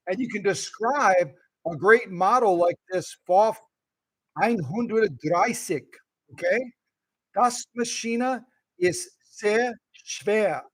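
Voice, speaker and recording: A middle-aged man with a gravelly but fairly high voice leads a relaxed, hands-on demonstration. He teases his viewers with little quizzes and takes his time over each point. The sound is dry and close, with no room around it. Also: no room sound, poor audio. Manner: playful, teasing quizzes to viewers. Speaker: sewing machine restorer and channel host.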